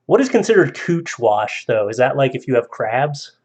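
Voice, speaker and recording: A young man live streaming into a desk mic, chatting in a casual, rambling way at a middle pitch. He reads viewer stories aloud, laughs easily, and trips over names. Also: big pitch swings, moderate pace, few pauses, darkish tone.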